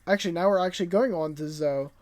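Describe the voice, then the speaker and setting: A man's voice: high-pitched, quick pace, darkish tone. A man reviewing a comic chapter in casual, rambling commentary, laid-back and profane, sounding tired late at night.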